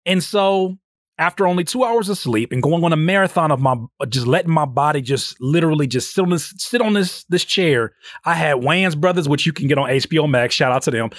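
A man in his thirties hosting a casual solo podcast and telling a story with energy, often jumping into a high voice when he quotes himself. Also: lively intonation, brisk, no echo, studio quality. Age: 30s. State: sleep-deprived. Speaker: podcast host.

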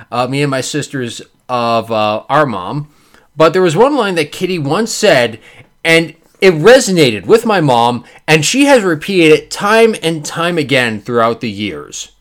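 A man hosting a podcast, giving sarcastic, animated commentary with quick character bits. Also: fairly high pitch. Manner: sarcastic, animated, does voices. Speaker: podcast host. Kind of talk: casual commentary.

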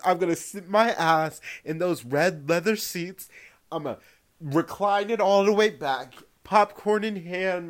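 A man hosting a gossip commentary show, talking in a dramatic, sassy way and swearing often. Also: fairly high pitch. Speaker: host.

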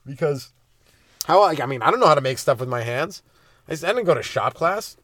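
A man's voice: mid-range voice, dry recording. A young man from Canada hosting a comedy podcast alone from a parked car, ranting in a rambling, sarcastic, self-mocking way and swearing freely. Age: young adult. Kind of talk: solo comedic rant. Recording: dry close sound in a car.

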